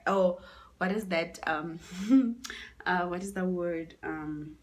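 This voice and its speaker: A woman's voice: on the low side, takes it slowly. Chatty South African woman telling a story. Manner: chatty, switching between English and Zulu, animated with whispered asides. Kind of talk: casual storytime vlog.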